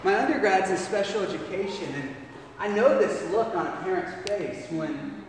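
A male preacher with a high-pitched voice tells a Bible story in a sermon, animated and acting out its voices. He is heard from a distance in a large church hall with a long, echoing reverb. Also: moderate pace, a little hiss or hum. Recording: echoey hall, recorded from far off.

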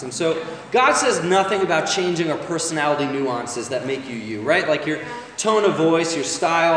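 A man with a slightly high, somewhat bright voice preaches a conversational sermon, often asking the congregation "right?" as listeners call back. He sounds far off in an echoey hall.

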